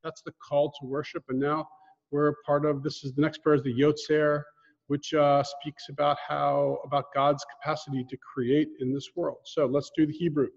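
A man's voice: a little high, little pitch movement, vocal fry, husky. A man teaching Hebrew prayers in an online lesson, patiently explaining how the words are said and chanting the prayer lines. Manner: patient, explains pronunciation slowly. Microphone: screen-sharing video call. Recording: dull lo-fi audio with long reverb.

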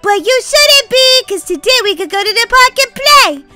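A very high, lively little girl, cheerful and bouncing with excitement, as a woman puts her on. The voice is bright and sharp, with faint music behind it in this game role-play. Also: normal speed, exaggerated voice. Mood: excited. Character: bubbly cheerful young girl, morning person.

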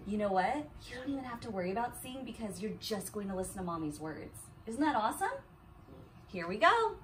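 A mother in her thirties playfully reading a silly picture book aloud to her child at home, with animated delivery. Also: mid-range voice, brisk, far from the mic, a little hiss or hum. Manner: animated, silly voices, laughing while reading. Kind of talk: playful read-aloud storytelling.

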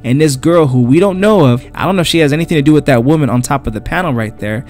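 A man's voice: fairly high pitch, fast, darkish tone, faint music behind. A man casually recapping a comic book for his channel, chatty and slangy.

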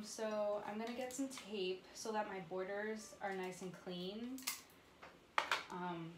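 A woman's voice: medium pitch, a little hiss or hum. Chatty young woman in an echoey room. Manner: chatty, rambling, says um and like a lot. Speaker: vlogger. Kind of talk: casual painting tutorial chat. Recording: roomy echo with music behind.

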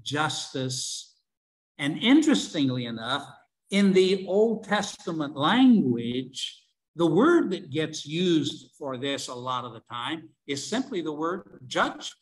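An older man teaching a religion class online, lecturing with many fillers, restarts and pauses. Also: a little high, big pitch swings, poor audio.

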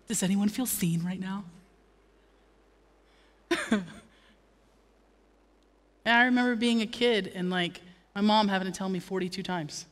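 A woman's voice: mid-range voice, takes it slowly, pauses often, fairly bright tone, in a large hall. A woman pastor preaching a sermon with passion, building to emphatic declarations and dropping in humorous asides. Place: church.

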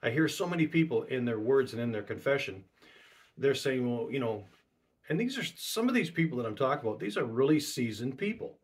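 Husky-voiced male preacher, repeating for emphasis. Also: medium pitch, very animated, brisk. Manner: emphatic, repeats key phrases for stress. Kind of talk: sermon.

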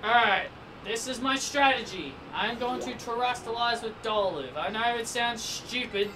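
A let's play gamer talks at normal speed in a very high-pitched voice while playing. Frustrated and repetitive, he pleads with the game and scolds it, and the distant mic catches faint background noise.

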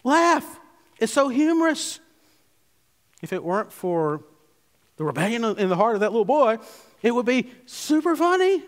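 A male pastor preaches with a high, light voice, leaning hard on key words and then dropping to quiet, low asides. He sounds like he is in a church sanctuary, with long reverb trailing each phrase. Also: sing-song, normal speed, long pauses. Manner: emphatic, swinging from loud stresses to hushed low asides. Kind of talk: sermon.

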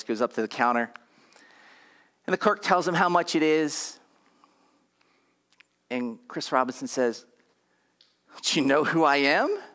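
Leading his congregation in call-and-response, this pastor preaches conversationally and keeps repeating affirmations. His medium-pitched voice sounds a bit bright, clear, and resonant.

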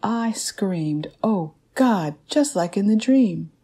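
A woman's voice: medium pitch, animated, slow, dark tone, breathy edge, full character voice. A woman reading aloud the words of a grown woman recounting a childhood dream, in a plain storytelling manner.

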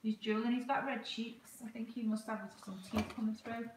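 A woman's voice: on the high side, level tone, moderate pace. A woman chatting casually on a livestream, talking to her baby and her viewers while she opens gifts. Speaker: livestream host. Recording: echoey room, far from the mic, noisy background.

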